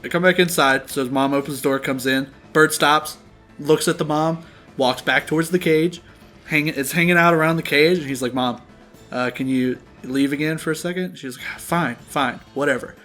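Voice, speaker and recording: A man's voice: fairly high pitch, fairly even intonation, normal speed, a bit bright, faint music behind. A young man co-hosting a game playthrough, telling a story casually with lots of swearing and laughter. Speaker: let's play co-host. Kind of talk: casual gaming chat.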